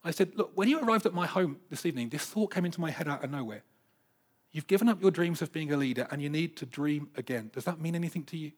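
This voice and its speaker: A man preaching a sermon, telling personal stories with dramatic swings between loud bursts and hushed asides. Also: on the high side, expressive, fast, husky.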